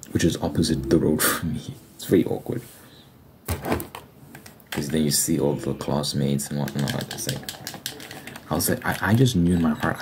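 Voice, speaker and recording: A young man hosting an ASMR video, telling a rambling, candid story in a casual way and sometimes dropping to a soft near-whisper. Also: low voice, background noise. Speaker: ASMR channel host. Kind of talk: casual storytelling over fast tapping ASMR. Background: fast tapping and typing sounds.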